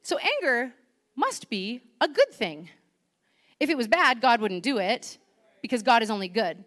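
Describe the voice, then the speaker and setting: A woman giving a sermon in church, chatty and lively, asking the congregation questions. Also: fairly high pitch, a little slow. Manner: lively, conversational, asks the audience questions. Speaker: preacher.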